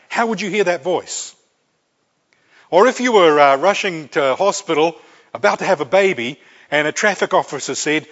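A man's voice: high voice, animated, normal speed, a bit bright, breathy edge. A man preaching a sermon, earnest and repeating key phrases for emphasis. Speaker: pastor. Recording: dull lo-fi recording.

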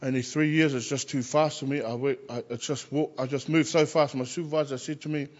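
A man, a Christian chaplain, telling lively personal stories and acting out the voices of the people in them. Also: medium pitch, fast, few pauses, muffled recording. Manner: animated anecdotes, acts out quoted voices. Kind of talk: personal storytelling.

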